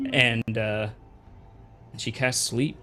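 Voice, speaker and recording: A man from Canada narrating a tabletop game as dungeon master, halting with fillers. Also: mid-range voice, a bit bright. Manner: slow, halting narration with many fillers and laughs.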